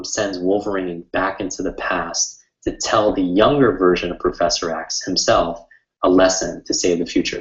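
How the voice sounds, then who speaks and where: Deep-voiced male webinar host, earnest and rambling storyteller; roomy, slightly muffled recording. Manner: earnest, heartfelt, rambling with many fillers. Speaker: memory coach hosting a webinar. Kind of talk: personal storytelling to an online audience. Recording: roomy, slightly dull sound.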